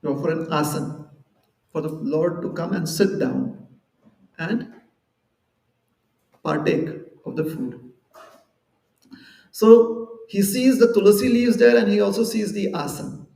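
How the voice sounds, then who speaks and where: A man delivers a conversational devotional lecture with a high, gravelly voice. He explains ideas through everyday examples and little acted-out quotes. He is heard from some distance in an echoey temple hall. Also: unhurried, long pauses, warm tone. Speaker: temple speaker.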